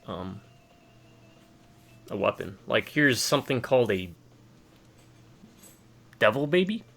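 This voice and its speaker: A man chatting casually with a friend while they play a co-op game, jokey and excitable, with sudden shouts. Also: mid-range voice, gravelly. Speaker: co-host gamer. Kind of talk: casual co-op gaming chat.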